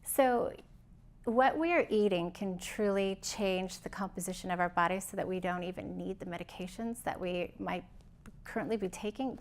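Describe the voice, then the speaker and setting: A woman's voice: medium pitch, moderate pace. A woman host asking curious follow-up questions in an interview. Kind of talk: conversational interview.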